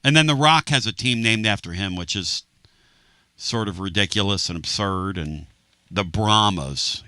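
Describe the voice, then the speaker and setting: Bright-voiced sports radio host, dry studio. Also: male voice, on the low side, no echo. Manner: animated, rambling with quick asides. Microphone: studio microphone.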